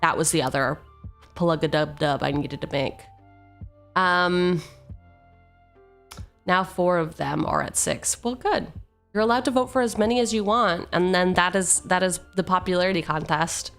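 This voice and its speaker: A woman's voice: fairly low pitch, normal speed, pauses often, a bit bright, faint music behind. A woman streamer chatting casually with her viewers, rambling, joking at herself and reading card text aloud. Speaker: streamer opening card packs. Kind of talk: casual live-stream chat.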